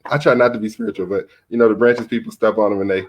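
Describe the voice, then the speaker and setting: A man's voice: fairly low pitch, steady tone, racing. Easygoing man hosting a live stream. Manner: easygoing, laughs often. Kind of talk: casual chat.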